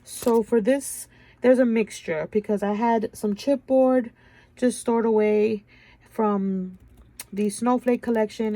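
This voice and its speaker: A chatty woman shows off her crafts in a casual, gushing vlog voice. She sounds stuffed up, and her mid-pitched voice has a gravelly fry running through it. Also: warm tone. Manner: gushing, chatty, keeps saying "you guys". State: stuffy nose. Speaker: craft channel host. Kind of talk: casual show-and-tell chat.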